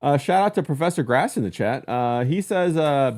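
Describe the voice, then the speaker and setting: A man's voice: a little high, lively intonation, normal speed, darkish tone. A man hosting a casual livestream podcast, laid-back and joking, reading out messages from the chat. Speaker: podcast host.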